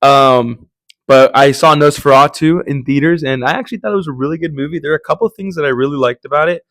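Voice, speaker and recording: A man's voice: on the high side, fast talker, fairly bright tone, no room sound, studio quality. A young man hosting a casual solo podcast, rambling and joking with lots of fillers and restarts. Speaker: podcast host.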